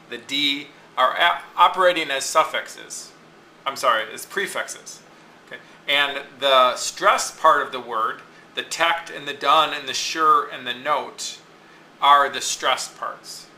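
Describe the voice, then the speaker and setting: A man teaching a lesson, patiently repeating words slowly to show where the stress falls, with frequent "okay"s. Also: mid-range voice, sharp tone, a little hiss or hum, low-quality recording. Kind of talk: recorded classroom lesson.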